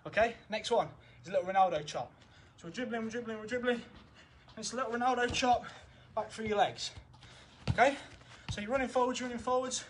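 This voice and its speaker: Out in his garden, a young football coach with a high voice leads a home drill session, a little fast and audibly winded. He keeps the encouragement steady and counts down every drill, while the camera mic catches a faint outdoor hum.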